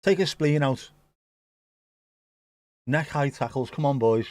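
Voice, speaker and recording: A man's voice: medium pitch, slow, no echo. Joking British man commentating live. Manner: joking, bursts into excitement at goals. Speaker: watchalong host. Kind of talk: casual live match commentary.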